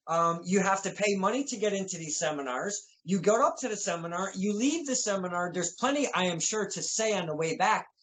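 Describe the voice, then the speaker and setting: A man with a fairly high voice hosts a casual interview over a video call. He is chatty, reacts freely to his guest, and often trips over his words. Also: low-quality recording. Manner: chatty, laughs along, stumbles over words. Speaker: podcast host, interviewer.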